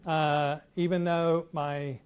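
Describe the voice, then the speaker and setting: A middle-aged man with a Texas accent giving an academic talk to an audience in a relaxed, conversational way with frequent "uh" fillers. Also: fairly high pitch, slow pace, clear, resonant tone. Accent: Texan. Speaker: professor giving an installation talk.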